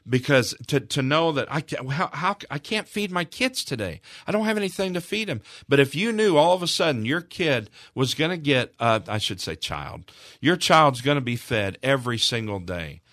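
A man's voice: mid-range voice, animated, normal speed, few pauses, a bit bright, no room sound, clean studio sound. A man speaking as a guest on a charity radio broadcast, telling a heartfelt story in an earnest, emotional way with frequent restarts.

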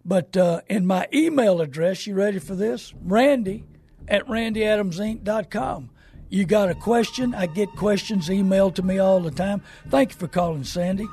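A man's voice: high-pitched, normal speed, mellow, slightly rough, soft background music. An older man hosting a call-in car radio show in a folksy, rambling salesman's way. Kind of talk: casual call-in radio talk with plugs.

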